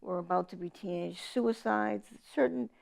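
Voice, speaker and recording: Gravelly-voiced woman. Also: medium pitch, normal speed. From Massachusetts. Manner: animated storyteller, quotes family in lively voices. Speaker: author guest. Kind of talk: casual interview chat.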